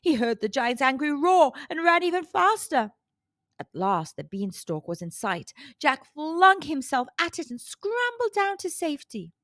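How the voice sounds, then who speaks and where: A woman reads a children's storybook aloud, slow and expressive. Her voice is fairly high and moves a lot in pitch. The recording is close and dry. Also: no echo.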